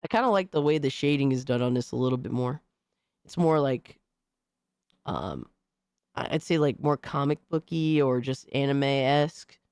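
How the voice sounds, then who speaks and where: An excitable woman hosts a casual livestream, swearing freely and talking in street slang. Her pitch leaps up and down constantly. The sound is close and dry, with no room echo. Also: normal speed, clean tone. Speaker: livestream host.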